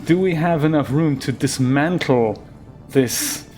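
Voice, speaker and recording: A man's voice: fairly high pitch, slow, a little mellow, faint music behind. A man giving casual, rambling commentary while playing a game, chatting freely and laughing easily. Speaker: game streamer.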